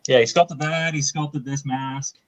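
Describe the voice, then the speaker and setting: A man's voice: mid-range voice, steady tone, unhurried. A man in his forties, a guest mask maker, chatting casually and joking over a video call. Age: 40s. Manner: jokey, easygoing. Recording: dull, dry video-call audio.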